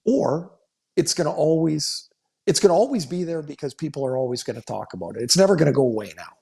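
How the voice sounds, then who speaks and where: A man's voice: fairly high pitch, animated, quick pace, creaky, warm tone. A middle-aged man, a former player, co-hosting a casual sports podcast and telling stories in a blunt, joking way. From Canada. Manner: blunt, storytelling, laughing asides.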